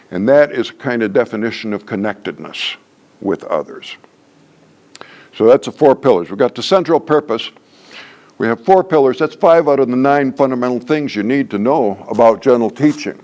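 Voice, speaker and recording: A man's voice: medium pitch, animated, normal speed, darkish tone. Older man giving a joking workshop talk. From Canada. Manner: folksy, joking, emphatic repetition. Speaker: trainer. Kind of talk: workshop lecture.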